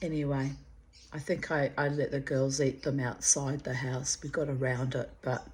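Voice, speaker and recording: A woman's voice: a bass voice, level tone, moderate pace, a little mellow, slight background noise. A middle-aged woman reading her own memoir aloud, fond and reminiscent, with digressive asides and laughter. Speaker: memoir reader.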